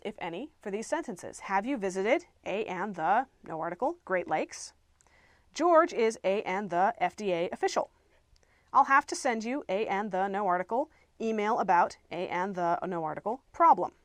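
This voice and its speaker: A woman teaching an English grammar lesson, explaining clearly and patiently with playful asides. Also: mid-range voice, animated, moderate pace, no echo, studio quality.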